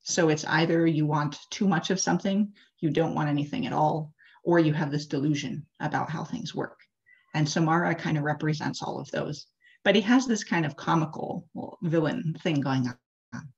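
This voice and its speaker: Woman interfaith leader, low voice, casual chatty sermon delivery, muffled video call sound. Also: normal speed, gravelly, darkish tone. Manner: casual, chatty, many "like" and "uh" fillers. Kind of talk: storytelling sermon. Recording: dull lo-fi video call audio.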